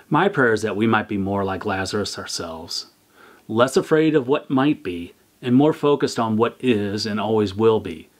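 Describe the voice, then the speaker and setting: A man who is a church's communications director, reading a scripted devotional in a measured, earnest way. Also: lowish voice.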